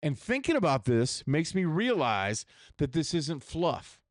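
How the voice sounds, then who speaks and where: A man's voice: fairly high pitch, sing-song, measured pace, no room sound, clean studio sound. A man hosting a solo podcast, talking in a candid, profane, rambling way with restarts. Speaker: podcast host. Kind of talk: solo reflective podcast monologue.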